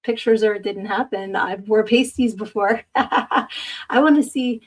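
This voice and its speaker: A woman's voice: mid-range voice, measured pace. A woman in her fifties hosts a live podcast, chatting loosely with her viewers. She rambles and laughs easily, and sounds tired after a short night's sleep. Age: 50s. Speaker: podcast host. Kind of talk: casual live-stream chat.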